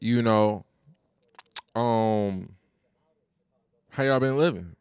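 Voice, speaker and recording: A man's voice: lowish voice, drawn-out words, smooth, dry recording. A man hosting his own podcast solo, chatting in a laid-back, slangy way with plenty of cursing. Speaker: podcast host. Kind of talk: casual solo podcast chat.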